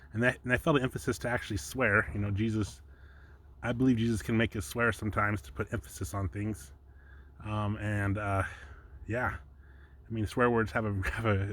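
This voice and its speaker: A man giving an informal Bible teaching from his slides, chatty and rambling, breaking off often to chuckle. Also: medium pitch. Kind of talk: casual home teaching with slides.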